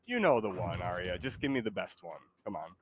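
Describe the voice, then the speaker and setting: A man's voice: sits low, sing-song, brisk. A man streaming, talking casually and coaxing his AI co-host in a rambling way. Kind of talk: casual live-stream talk.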